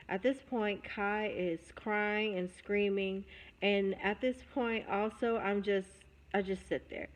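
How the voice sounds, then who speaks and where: A young adult woman telling a personal story, candid and reflective, pausing and restarting as she goes. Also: medium pitch, fairly even intonation, highs cut off. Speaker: vlogger.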